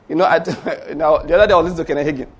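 A man preaching a storytelling sermon, swinging between hushed asides and loud exclamations. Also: a little high, very fast, slightly rough.

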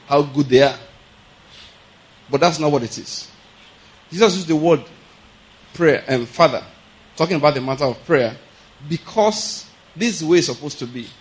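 A man's voice: on the high side, low-quality recording. A man giving a conversational sermon, laughing often and asking his listeners whether they follow. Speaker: preacher.

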